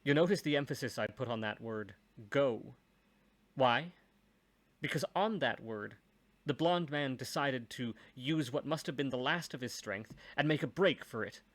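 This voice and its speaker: A man's voice: medium pitch, unhurried, fairly bright tone. A man reading a first-person story aloud, with dry, wry asides.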